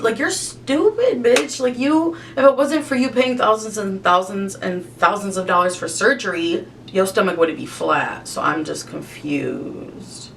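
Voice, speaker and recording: A faint rumble sits under the audio as a young woman vlogger, recorded from a distance and a little back from the camera mic, does her makeup and rants profanely. Her voice is low and gravelly with a bit of brightness, and she sounds exasperated.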